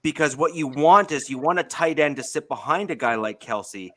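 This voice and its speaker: A man's voice: on the high side, moderate pace, sharp tone, no echo. A man on a casual football podcast, explaining his points in a rambling way with many fillers. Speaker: podcast co-host. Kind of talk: casual sports podcast chat.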